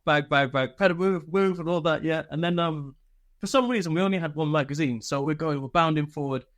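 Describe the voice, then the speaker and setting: A man's voice: a little high, brisk. A man, an army veteran and podcast guest, telling casual stories with plenty of swearing and laughter. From United Kingdom. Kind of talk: casual storytelling.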